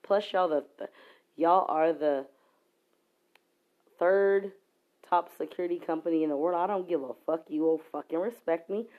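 A woman's voice: on the low side, moderate pace, long pauses, narrow, tinny audio. A woman venting in an angry, profanity-laced rant to camera, heated and emphatic. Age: adult. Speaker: vlogger.

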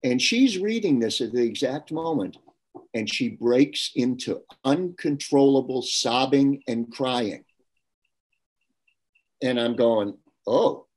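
A man's voice: mid-range voice, animated, takes it slowly. Earnest man telling a personal story. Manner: earnest, anecdotal, warm recollection with quoted dialogue. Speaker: interviewer.

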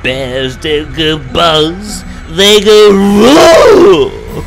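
A man's voice: medium pitch, sing-song, slow pace. A man voicing a group of rude, mocking freight trucks in a storybook tale. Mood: jeering. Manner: taunting, giggling, sing-song. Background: background music.

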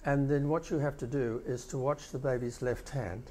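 An older male professor giving a conference keynote, explaining video clips with pauses and restarts. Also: medium pitch, fairly even intonation, darkish tone. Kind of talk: conference lecture.

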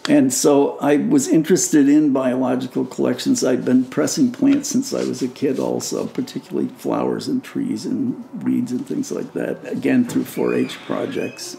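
Older man with a gravelly, mellow voice. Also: medium pitch, steady tone, slight background noise. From United States. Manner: halting, many fillers and restarts. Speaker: interviewee, lichen curator. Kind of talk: storytelling reminiscence.

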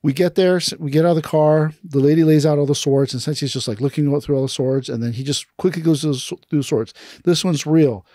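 A man's voice: on the high side, fast talker, few pauses, no room sound, studio quality. A man who teaches aikido, telling stories in a casual podcast conversation and acting out the people he quotes. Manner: storytelling, animated when quoting others.

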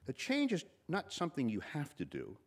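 A man's voice: on the high side, wildly swooping pitch, moderate pace. A man in his sixties with a slightly nasal voice gives a commencement address, telling stories and acting out the voices of people he quotes. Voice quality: a little nasal. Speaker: commencement speaker.

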